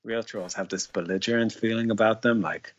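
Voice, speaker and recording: Guy, husky kinda low voice, rambly chatty storytelling, muffled lo-fi audio. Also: steady tone, brisk. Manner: rambling, leans heavily on "like". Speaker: guest musician. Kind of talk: casual storytelling. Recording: dull lo-fi sound.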